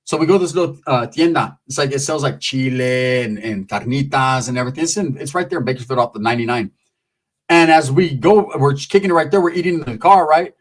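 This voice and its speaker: A middle-aged man telling a comic street story, animated and profane. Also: medium pitch, fast.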